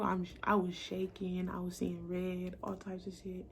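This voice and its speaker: A woman's voice: medium pitch, measured pace, creaky, husky. A young woman telling a story in a casual vlog, blunt and profane, acting out the voices of the people she quotes.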